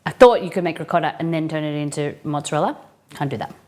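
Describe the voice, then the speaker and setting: A woman's voice: low-pitched, quick pace, a little mellow. Chatty woman hosting a cooking stream. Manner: chatty, greets chat viewers by name. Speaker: live-stream cooking host. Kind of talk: casual live-stream chat.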